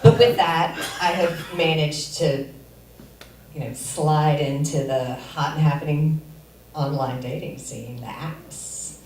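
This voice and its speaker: Deadpan woman doing stand-up on stage. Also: low voice. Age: middle-aged. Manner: deadpan delivery with filler pauses. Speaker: stand-up comic. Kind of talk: stand-up comedy set. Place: comedy theater stage. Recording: roomy echo, far from mic. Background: audience laughter.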